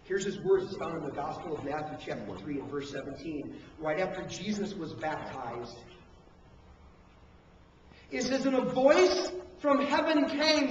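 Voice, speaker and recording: A man preaching a sermon on parenting, switching between acted-out scolding and hushed emphasis, recorded from a distant camcorder. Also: fairly high pitch, measured pace, a little hiss or hum. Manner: animated preaching, acts out parents and coaches, drops to hushed emphasis. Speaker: pastor. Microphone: handheld camcorder from the room. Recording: echoey hall, distant camcorder mic, dull sound.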